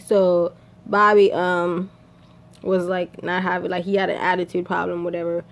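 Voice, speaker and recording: A woman's voice: lowish voice, normal speed. Woman from Haiti, casual film recap, chatty, laughs a lot, acts out lines. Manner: animated, laughs often, acts out quotes in whispers and shrieks.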